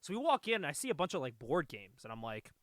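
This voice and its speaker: A man hosting a casual comic-book podcast, telling excited, profane stories and laughing often. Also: a little high, quick pace, no echo, studio quality. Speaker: podcast host. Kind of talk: casual chat.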